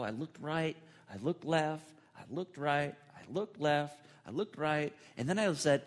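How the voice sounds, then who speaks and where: A man's voice: a little high, lively intonation, moderate pace, few pauses. Earnest man preaching a sermon. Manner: storytelling, personal and earnest. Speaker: pastor.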